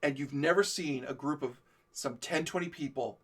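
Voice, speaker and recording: A man co-hosting a stream, telling stories in a casual chat, animated, often laughing and acting out what people said. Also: on the high side, normal speed, slightly rough. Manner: animated storyteller, laughs often, acts out quotes. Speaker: stream co-host.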